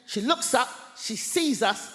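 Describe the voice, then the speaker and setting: A woman doing stand-up comedy, telling a story in an animated, mock-outraged way on a large theatre stage. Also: on the high side, measured pace. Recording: echoey hall, long reverb.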